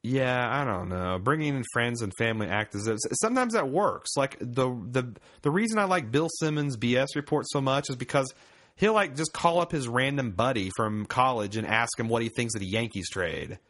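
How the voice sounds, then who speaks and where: A man's voice: medium pitch, normal speed, fairly bright tone. A man co-hosting a podcast in casual chat, rambling and profane with self-deprecating asides. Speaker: podcast co-host.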